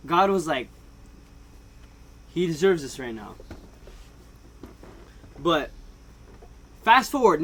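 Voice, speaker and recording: A man telling a comedic story in a slightly high voice, loose and slangy, with a laugh never far away. He jumps from loud bursts to hushed asides as he goes. His delivery is animated and casual throughout. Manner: laughs often. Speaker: vlogger.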